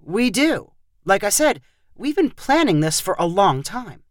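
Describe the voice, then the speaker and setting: A woman's voice: on the low side, lively intonation, normal speed, dry recording, clean studio sound, lightly acted. A woman voicing a worn-out defensive dad. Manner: defensive and strained. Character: tired defensive father on a family trip.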